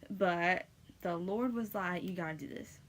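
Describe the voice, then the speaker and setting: A woman's voice: on the low side, a little slow, a little hiss or hum. Young woman sharing an emotional testimony. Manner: rambling, many fillers and restarts, emotional and near tears. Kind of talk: casual personal testimony.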